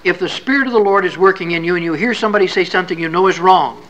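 A man's voice: high voice, very fast, fairly bright tone, dull audio. A man giving a classroom scripture lecture in an earnest, folksy, conversational way. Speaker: religious lecturer.

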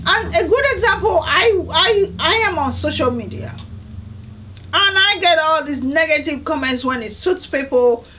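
A woman's voice: high-pitched, lively intonation, normal speed, bright, forceful tone, slight background noise, rough recording. A woman from Nigeria, giving an earnest, emphatic devotional talk as host of a video series. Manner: earnest, emphatic, repeats "I tell you".

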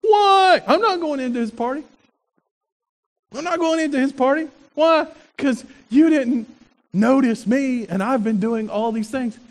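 A man's voice: very high voice, steady tone, slow pace, long pauses, voice pushed up. A man voicing a resentful older brother who complains indignantly in a whiny voice during a sermon.

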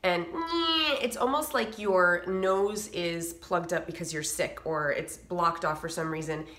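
A woman's voice: on the low side, steady tone, measured pace, a bit bright, reverberant. A woman vocal coach giving a singing lesson to camera, explaining technique and breaking into short sung and nasal demos.

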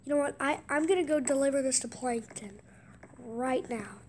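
A woman giving casual game commentary in an excitable voice, gasping with surprise and dropping into hushed asides. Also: sits high, normal speed, a little hiss or hum. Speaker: gameplay commentator.

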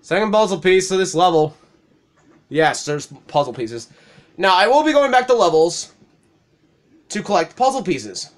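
A young man with a fairly high voice narrates his game in loose, profane commentary. He reacts loudly, swears freely and breaks into laughs as he plays. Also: normal speed, long pauses. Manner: profane, excitable, laughs often. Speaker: let's play host.

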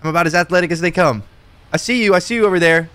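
Male streamer, cocky and jokey, winded from jumping, slightly high voice. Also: racing, fairly bright tone, clean tone. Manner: boastful and joking, talking straight to chat; jumping around while talking, breathless at times. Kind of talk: casual live-stream game commentary.

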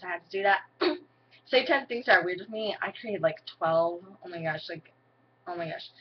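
A young woman talks casually to her camera at home, rambling and giggling, with "like" in almost every phrase. Her voice sits at an ordinary middle pitch. The home video sound is slightly dull and lo-fi, with a faint hiss underneath. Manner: rambling, giggly, heavy use of "like". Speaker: vlogger.

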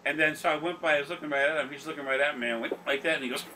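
A man tells long, rambling stories, swearing freely, laughing often and acting out the people in them. His voice sits a little high for a man. He is recorded from a distance, with a faint hiss in the background. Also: steady tone, very fast, pushed and bright. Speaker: spiritual consultant telling anecdotes. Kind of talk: casual storytelling on a recorded consultation.

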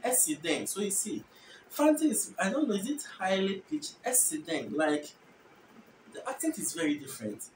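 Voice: medium pitch, very animated, moderate pace, darkish tone. Ghanaian-accented host explaining from across an echoey room. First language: Efutu (Guan). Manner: thinks aloud, self-correcting, hedging asides. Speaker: host explaining language differences. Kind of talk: casual educational explainer. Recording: echoey room, distant mic, faint noise.

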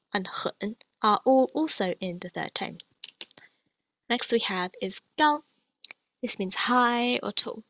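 A woman teaching a beginner language lesson, modelling the sounds slowly and carefully. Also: mid-range voice, a bit bright, dry recording, poor audio. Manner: clear, careful modelling of tones, slow repetitions.

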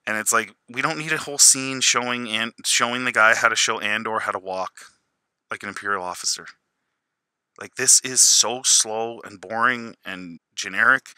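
A man's voice: fairly low pitch, steady tone, normal speed, pushed and bright, clear, resonant tone, no room sound, poor audio. A man in his thirties giving a casual review, exasperated and sarcastic, with many restarts.

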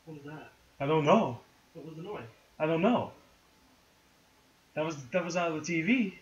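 A man's voice: a little high, moderate pace, dull audio. A man giving jumpy, nervous commentary while playing a horror game, talking to himself. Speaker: let's play host.

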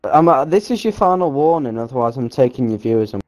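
A man's voice: medium pitch, expressive, quick pace, a little mellow, faint music behind. A man chatting on a gaming stream, teasing and mock-bossy with his friend. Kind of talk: casual gaming banter.

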